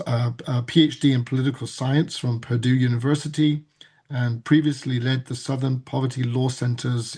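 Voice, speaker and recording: Man, webinar moderator, husky voice, halting with fillers. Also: medium pitch, a little mellow. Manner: halting, many fillers and restarts. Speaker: panel moderator, reverend. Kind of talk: webinar introduction.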